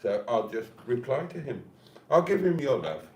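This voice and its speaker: A man's voice: medium pitch, sing-song, moderate pace, darkish tone. A man hosting a casual live stream at home, chatting and reading out messages. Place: home in Spain. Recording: roomy with faint noise.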